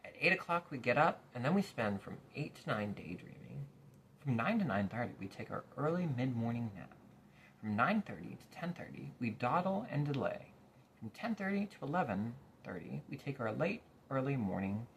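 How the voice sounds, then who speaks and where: A man's voice: medium pitch, very animated, normal speed, a little hiss or hum. A man voicing lazy, drowsy little creatures in a storybook reading, with a sleepy, whining manner.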